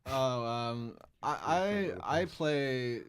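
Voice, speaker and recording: A man's voice: medium pitch, animated, drawn-out words, slight background noise. A man in a band, answering a radio interview in a hesitant, stammering but thoughtful way. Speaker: band musician guest. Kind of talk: casual radio interview chat.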